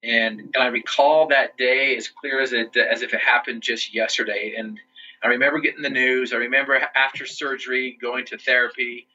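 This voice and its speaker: A man's voice: mid-range voice, fairly even intonation, moderate pace, pushed and bright, highs cut off. A man being interviewed on a podcast, telling his own story earnestly, often restarting his sentences. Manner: earnest, with frequent restarts and "you know". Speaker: interview guest.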